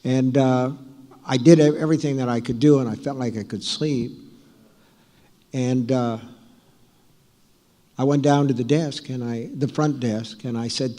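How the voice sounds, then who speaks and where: A man's voice: mid-range voice, steady tone, unhurried, long pauses, mellow. A man in his sixties, an author, telling rambling, self-deprecating anecdotes to a live audience with wry humor and frequent restarts. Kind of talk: live storytelling talk. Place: large hall with audience. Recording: live hall reverb.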